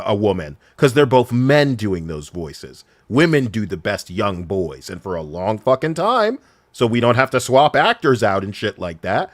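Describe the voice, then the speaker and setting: A profane, animated man holding forth in a casual podcast chat. His voice rises and falls a lot as he rants with quick asides. The sound is dry and close, with no room. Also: on the low side, no echo. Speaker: commentator.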